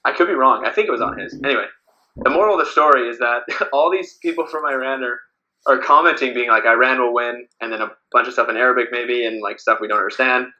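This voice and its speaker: The audio is dull, but the man's medium-pitched voice comes through quick, bright and forceful. A beach volleyball player from Canada, he's a podcast guest in a loose interview chat, rambling along with lots of laughter and fillers.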